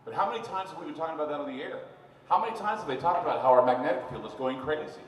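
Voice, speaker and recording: A man, a radio talk host, speaking live to a bar audience as an animated, rambling storyteller with mocking asides. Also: fairly high pitch, racing. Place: sports bar, live event. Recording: roomy, far-off live room sound with faint noise.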